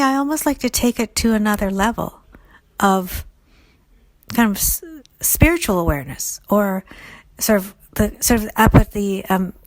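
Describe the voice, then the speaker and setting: A woman's voice: mid-range voice, dry recording. A middle-aged woman casually answering listener questions on recovery, thoughtful and full of fillers and restarts. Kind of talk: casual solo Q&A talk.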